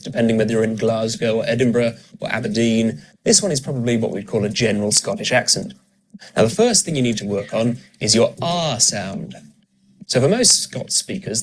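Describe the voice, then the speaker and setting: Male voice coach, mid-pitched and measured, teaching pronunciation step by step. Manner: clear, demonstrative, repeats example words slowly. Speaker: actor and voice coach. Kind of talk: instructional accent tutorial.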